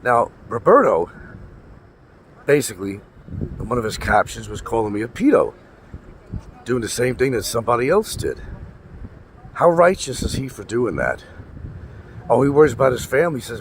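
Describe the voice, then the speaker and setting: A man's voice: medium pitch, sing-song, moderate pace, pauses often. Blunt, profane man ranting outdoors. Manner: blunt and profane, repeating himself for emphasis. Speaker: vlogger. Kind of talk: casual ranting monologue. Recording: wind noise and traffic outdoors.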